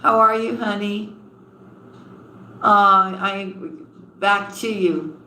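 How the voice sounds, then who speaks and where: A woman reading tarot on a live stream and warmly greeting viewers, calling them honey and sweetheart. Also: mid-range voice, little pitch movement, drawn-out words. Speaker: tarot reader. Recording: roomy echo with faint ambience.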